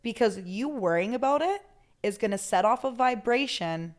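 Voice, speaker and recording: A woman guest on a podcast, a therapist, telling stories in a candid, animated way and swearing freely. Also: on the high side, normal speed. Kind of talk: casual conversational interview.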